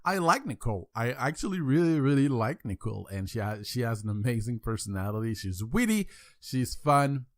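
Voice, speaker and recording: A man's voice: mid-range voice, sing-song, a little fast, no room sound, clean studio sound. A man with a French accent hosting a podcast, rambling through a casual intro with many repeats and fillers. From France. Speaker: podcast host.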